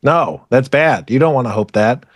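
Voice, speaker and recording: A man co-hosting a podcast rants in casual chat, rambling, profane and exasperated. He's animated, with a medium pitch and a moderate pace. The recording is dry and studio quality.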